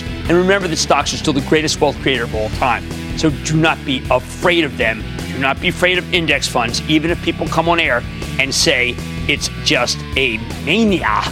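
A man in his sixties hosting a stock market show, delivering commentary and answering callers in an emphatic way, dropping from loud to hushed. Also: fairly high pitch. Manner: emphatic, rapid shifts between loud and hushed.

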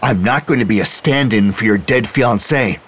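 A man with a low voice voicing a determined, defiant woman investigator in an audio drama, curt and cool. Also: moderate pace, natural voice, rough recording. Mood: angry.

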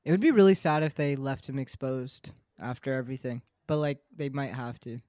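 A man chatting casually on a sports podcast, excitable and jokey, often trailing off quietly. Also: medium pitch, fairly quick, clean tone, no room sound. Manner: excitable, jokey, drifts quiet at line ends. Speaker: podcast co-host.

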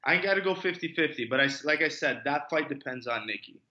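Male co-host, bright slightly high voice, playful teasing, muffled lo-fi sound. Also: expressive, fast. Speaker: podcast co-host, former kickboxer. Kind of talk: casual podcast chat.

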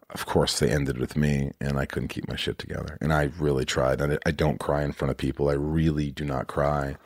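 Low-voiced frank man hosting a podcast. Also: no echo, studio quality. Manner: frank and profane, openly emotional; rambling with many restarts and fillers. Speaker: podcast host. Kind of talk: casual candid chat.

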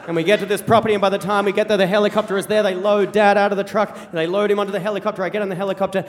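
A man's voice: high voice, rapid-fire, few pauses. Wry young man telling a story. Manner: animated, wry, acts out the quoted voices. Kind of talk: first-person storytelling on stage. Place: theater stage. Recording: live stage sound with hall reverb.

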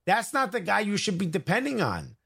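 A man co-hosting a casual sports talk show, joking and giving quick opinions. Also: high voice, wildly swooping pitch, vocal fry, a bit bright, breathy edge. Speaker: co-host.

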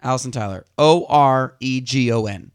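A man's voice: mid-range voice, normal speed, clean tone, no echo, studio quality. A man co-hosting a podcast, running a trivia game with teasing, playful banter. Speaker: co-host running a trivia segment.

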